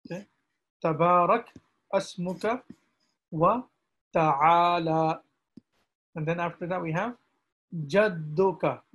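A man, an imam, teaching how to pronounce a prayer, repeating each word slowly and drawing it out for practice. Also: sits high, breathy edge, low-quality recording. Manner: slow, deliberate, repeats words drawn out for practice. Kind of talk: pronunciation lesson with screen pointer.

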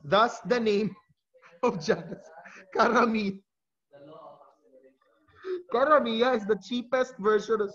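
A male teacher gives an online lecture. His voice sits high. The audio is muffled, as over a video call, and he fixes his own slips as he explains. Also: a bit bright. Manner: explanatory, with self-corrections. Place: home during a video call. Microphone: computer mic on a video call.

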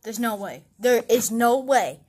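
A woman's voice: fairly high pitch, a little slow. A woman voicing Mario as a possessive, fussy toy figure in a play-acted scene, in a noisy home recording. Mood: anxious. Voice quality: protective, fussy and excitable. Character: bossy possessive male plumber with toy.

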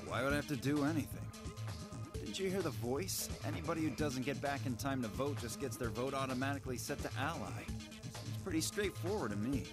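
A man's voice: mid-range voice, lively intonation, a little fast, music in the background, close to an everyday voice. A man voicing a smug, dismissive video game character.

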